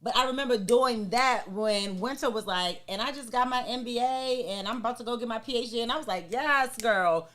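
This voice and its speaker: A woman co-hosting a podcast, telling a story in a blunt, profane, animated way. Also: a little high, brisk, few pauses. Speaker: podcast co-host. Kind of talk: casual podcast chat.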